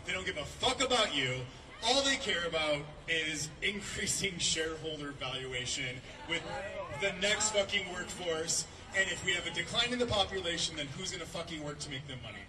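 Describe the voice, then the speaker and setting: A man giving an angry, profane protest speech outdoors, shouting and laughing as he rants. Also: a little high, expressive, moderate pace. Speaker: protest rally speaker, labor organizer. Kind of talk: impassioned rally speech. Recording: distant mic, loud crowd noise. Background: loud crowd and street noise.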